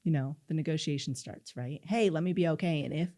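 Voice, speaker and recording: A woman's voice: sits low, brisk. A middle-aged woman telling a personal story in an interview, acting out the dialogue she quotes. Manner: animated, acts out quoted dialogue. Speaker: guest.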